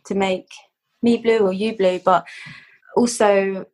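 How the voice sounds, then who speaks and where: A woman's voice: mid-range voice, steady tone, takes it slowly, darkish tone. A woman, a poet guest reading her work in a blunt, slangy voice and then chatting casually. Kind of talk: poetry reading and casual chat.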